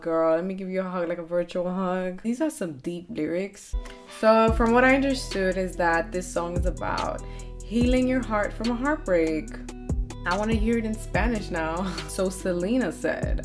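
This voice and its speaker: A woman hosting a music reaction video, chatting casually in a bubbly, gushing way with high exclamations. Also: normal speed. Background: song playing in the background.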